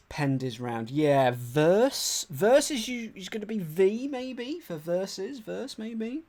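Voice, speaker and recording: A man from England streaming live as he solves a crossword, thinking aloud in a chatty, animated way and greeting his viewers. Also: high-pitched, slow pace, few pauses.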